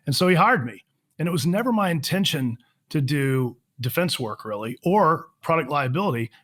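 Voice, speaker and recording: This trial lawyer from Florida, somewhere in his fifties, guests on a podcast and tells the story of his career. He's relaxed and pokes fun at himself, stumbling through plenty of fillers and false starts in a mid-range voice.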